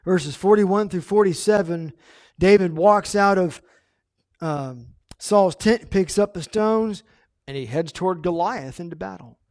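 A man preaching a sermon, animated, acting out the story's characters as he retells them. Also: high-pitched, unhurried. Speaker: pastor.

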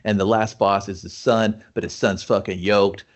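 A man rambling through a profane, joking story in casual chat, with a husky voice. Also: lowish voice, little pitch movement, normal speed.

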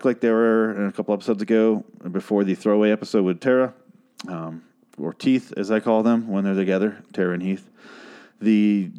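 Male podcast host, low-ish voice, slightly hoarse, sarcastic profane rambler. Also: a little mellow. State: voice getting hoarse. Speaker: podcast host recapping a TV episode. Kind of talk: casual profane rant.

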